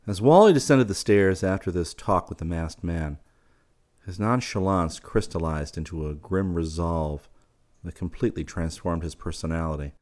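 A man reading an audiobook in a steady, measured narration. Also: low-pitched.

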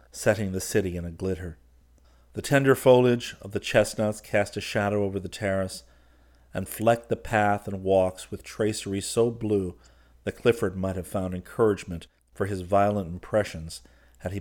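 Man, audiobook narrator, lowish voice, measured storytelling. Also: fairly even intonation, darkish tone.

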